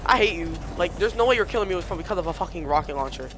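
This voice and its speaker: Young guy streaming a game, high lively voice jumping all over, lots of cursing, game noise behind. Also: rapid-fire. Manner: excitable, swears a lot, yelps and shouts in reaction. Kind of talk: live gameplay commentary.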